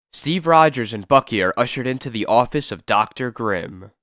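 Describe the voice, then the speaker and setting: A man reading an old comic book aloud in a measured storytelling way. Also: mid-range voice, lively intonation, a bit bright, no room sound, studio quality.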